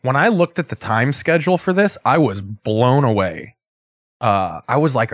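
A man hosts a show in loose, sarcastic chat, swearing freely as he reacts to a game. His voice sits at a middle pitch and sounds dry and close to the mic. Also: sing-song, moderate pace, dry recording. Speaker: show host reacting to live broadcast. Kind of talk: casual profane commentary.

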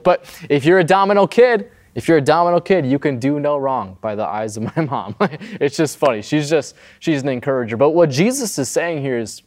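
A pastor giving a casual, conversational sermon, often checking in with the listener. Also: male voice, fairly high pitch, lively intonation, brisk, darkish tone. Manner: conversational, often adds "right?".

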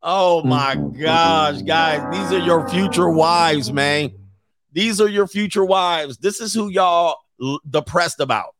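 A man hosting a reaction show, mocking a clip with brash, sing-song commentary and quick impressions. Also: on the high side, over music.

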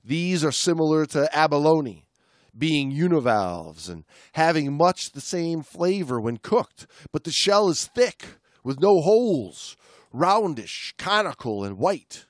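A man's voice: a little high, big pitch swings, slow pace, no room sound, clean studio sound. A male podcast co-host chatting casually and reading a story aloud with dramatic emphasis.

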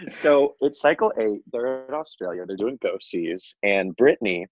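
A man's voice: lowish voice, animated, moderate pace, no echo, dull audio. A man hosting casual chat, rambling with lots of fillers and frequent laughs.

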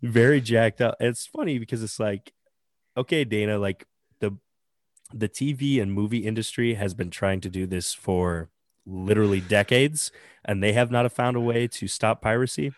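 A man's voice: lowish voice, normal speed, no room sound, clean studio sound. A man co-hosting a casual podcast chat, rambling with lots of fillers. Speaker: podcast co-host.

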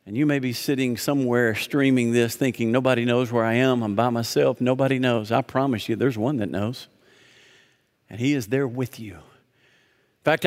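A man preaches a sermon in a mid-range voice that sits in the middle for a man. He presses his points with rhetorical questions and slows right down for emphasis. His voice rings out with the long echo of a large sanctuary. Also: mid-range voice. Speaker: pastor. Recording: reverberant hall.

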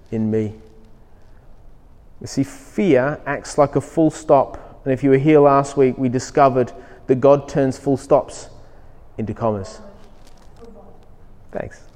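A man's voice: mid-range voice, a little mellow. A man preaching a sermon as pastor, telling stories with emphatic rising lines. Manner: storytelling, acts out child's voice, emphatic rises. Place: church hall. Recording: long reverb of a hall.

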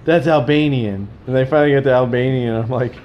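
A man's voice: medium pitch, fairly even intonation, racing, lo-fi sound, slight background noise. A man co-hosting a casual podcast, rambling and swearing, breaking into mocking impressions. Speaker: podcast co-host. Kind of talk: casual chat.

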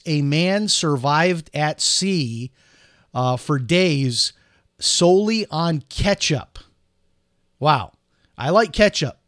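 A man's voice: fairly high pitch, dry recording, clean studio sound. A middle-aged man hosting a casual news commentary show, chatting in a rambling way with plenty of fillers and restarts. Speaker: show host.

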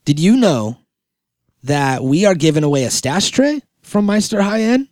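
A man hosting a podcast, rambling and joking through sponsor reads while high, laughing mid-sentence. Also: big pitch swings, moderate pace, darkish tone, no room sound, studio quality. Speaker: podcast host. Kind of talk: casual podcast chat reading sponsor spots.

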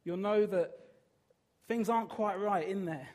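A man's voice: high-pitched, a little slow, darkish tone. A man preaching a sermon in an earnest, emphatic way, putting rhetorical questions to his listeners.

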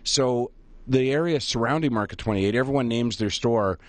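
A middle-aged man, a radio host telling a funny travel story in a lively, self-mocking way. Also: medium pitch, moderate pace, dry recording. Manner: animated, self-mocking storyteller who laughs at his own tale. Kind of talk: casual on-air storytelling.

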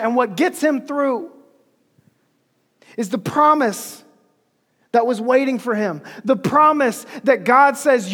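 A man's voice: extremely high pitch, lively intonation, takes it slowly, pauses often, fairly bright tone. A male pastor preaching a sermon with emphasis, repeating key phrases, recorded in an echoey hall.

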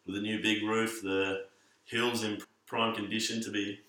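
A man's voice: lowish voice, little pitch movement, normal speed, pushed and bright, very echoey, low-quality recording. An Australian man as a podcast guest, laid-back and playfully grumbling. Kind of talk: casual banter podcast.

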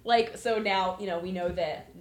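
A woman co-hosting a podcast in casual chat, giggly and animated when retelling scenes. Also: lowish voice, normal speed. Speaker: podcast co-host.

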